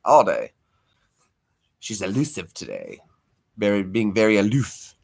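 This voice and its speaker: A man's voice: fairly low pitch, wildly swooping pitch, unhurried, vocal fry, a little mellow. A man hosting a casual live stream from home, chatting with viewers, greeting them by name and laughing easily.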